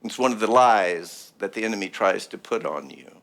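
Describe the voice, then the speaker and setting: A man's voice: lowish voice, lively intonation, moderate pace, gravelly, fairly bright tone. A middle-aged man preaching a sermon in an emphatic, rhythmic style built on repeated phrases. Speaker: pastor.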